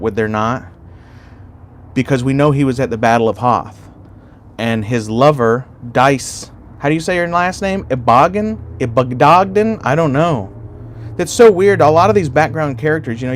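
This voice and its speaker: A man's voice: mid-range voice, slight background noise. A man hosting a casual livestream, rambling loosely and swearing freely while he chats with viewers. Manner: rambling and profane, chatting to chat. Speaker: YouTube livestream host.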